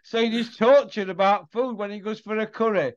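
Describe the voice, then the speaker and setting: A man's voice: sits high, fairly even intonation, normal speed. A man hosting casual banter, chatty and teasing. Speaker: host. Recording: dull lo-fi sound.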